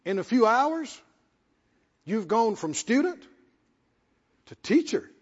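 A man preaching in a church with a high, husky voice that swoops up and down emphatically. He repeats phrases for weight and questions his listeners. The sound is dull and lo-fi, with a long hall reverb trailing behind. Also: big pitch swings, slow pace. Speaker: pastor. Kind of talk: sermon.

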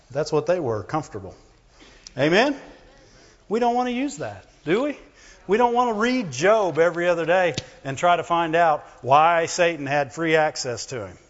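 A man preaching a sermon to his church, talking conversationally, calling for amens, and swinging between loud emphasis and quiet low asides. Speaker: pastor. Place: church hall. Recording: muffled lo-fi recording in a reverberant hall.

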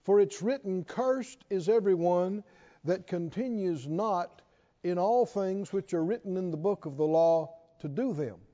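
A man's voice: high-pitched, unhurried, dark tone, muffled recording. A man preaching a sermon to a responding congregation, repeating questions and building to emphatic calls.

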